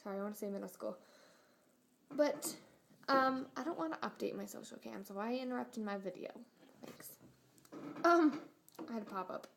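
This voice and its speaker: A woman's voice: a little high, animated, normal speed, gravelly, pauses often, a little hiss or hum. A teenage girl vlogging a rambling, exasperated rant, full of fillers. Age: teens. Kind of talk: casual rant to camera.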